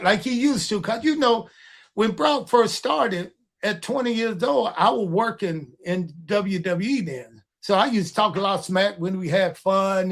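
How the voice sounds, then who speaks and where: An older man hosting a podcast, telling a story in a casual, animated way and acting out the quotes, with plenty of swearing. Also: sits high. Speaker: podcast host.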